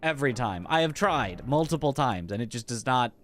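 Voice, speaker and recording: Lively young male game streamer. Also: medium pitch, brisk, slight background noise. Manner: chatty, laughs often, muses on pronunciations aloud. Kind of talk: casual livestream chat while gaming.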